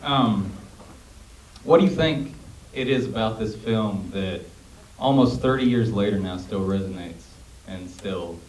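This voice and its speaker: A man's voice: fairly low pitch, a little slow, a little mellow. A man in the audience asking an earnest, emotional question. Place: theater. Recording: distant mic, roomy theater.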